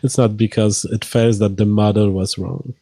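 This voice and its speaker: A calm guest on a live stream who talks in a plain, unhurried way and phrases his English like a non-native speaker. His voice is mellow and warm. It is recorded dry and close. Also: fairly low pitch, no echo. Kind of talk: casual live-stream chat.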